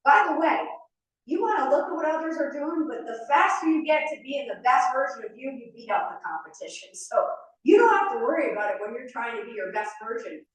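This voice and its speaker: A woman who is a mental skills coach, giving an energetic motivational keynote with animated storytelling. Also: sits high. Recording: echoey hall, mic from far off.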